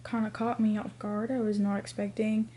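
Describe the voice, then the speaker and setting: A young woman chatting casually to camera about her reading, tired and sleepy late at night, often dropping to a hushed near-whisper so her family won't hear. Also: mid-range voice, level tone, moderate pace, slight background noise. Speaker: book vlogger. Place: home at night with family nearby.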